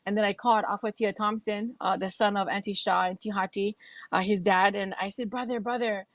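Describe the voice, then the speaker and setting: A woman's voice: mid-range voice, little pitch movement, a little fast, no echo. A woman from Hawaii with a Hawaiian accent, telling her story as a guest on a livestream in an effusive, heartfelt way. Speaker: guest, radio host and emcee. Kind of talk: livestream interview.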